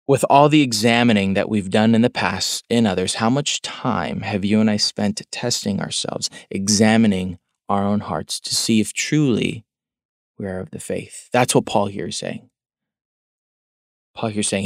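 A man's voice: fairly low pitch, normal speed, no room sound. Earnest man preaching in a dry room. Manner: earnest, questioning, repeats words for emphasis. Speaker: pastor. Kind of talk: sermon.

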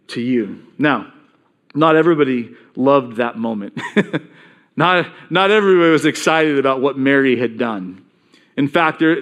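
A man delivers a sermon in a lively, conversational style. His voice sits high for a man. He reads passages aloud and briefly acts out the speakers in them. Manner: conversational preaching, quoting scripture with acted voices. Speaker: pastor.

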